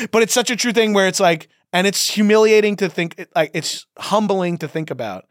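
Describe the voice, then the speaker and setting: A man's voice: sits high, a little hiss or hum. Laughing, swearing man on a podcast. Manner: swears often, laughs a lot, quick asides. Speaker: podcast host. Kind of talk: casual podcast chat. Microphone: studio mic with headphones.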